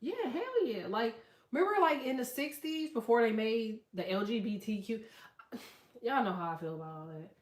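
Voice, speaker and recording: A woman hosting a casual livestream, telling stories in a loud, profane, animated way and reading out chat comments. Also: a little high, moderate pace, echoey room. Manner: profane, animated storytelling with quoted voices.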